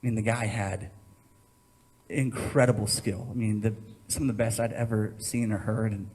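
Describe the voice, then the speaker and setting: A man's voice: lowish voice, fairly even intonation, moderate pace, darkish tone, slightly rough. A man preaching a sermon as pastor, telling a story and acting out the voices in it with rising intensity.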